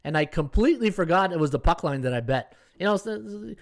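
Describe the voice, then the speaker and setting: A man in his fifties hosts a sports betting live stream, offering casual commentary in a fairly high voice for a man. He speaks fast and expressively, loose and chatty, often tagging lines with "right?" to check in with listeners.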